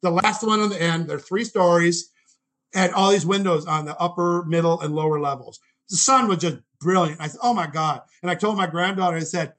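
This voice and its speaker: Bright, high-voiced man in his sixties. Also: brisk, poor audio. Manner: rambling, self-correcting anecdotes; acts out quoted voices. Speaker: guest. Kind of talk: storytelling in conversation.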